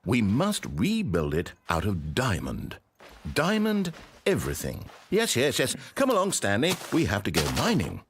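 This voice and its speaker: A man's voice: mid-range voice, huge pitch swings, a little slow, a little hiss or hum. A man voicing a pompous, condescending male game narrator in a comedy parody, speaking in a grandiose, theatrical way.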